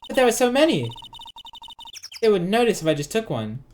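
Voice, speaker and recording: Casting: woman playing a mischievous young video game heroine, bubbly and teasing, voice bouncing high. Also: big pitch swings, moderate pace, darkish tone, a little hiss or hum, close to an everyday voice. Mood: playful.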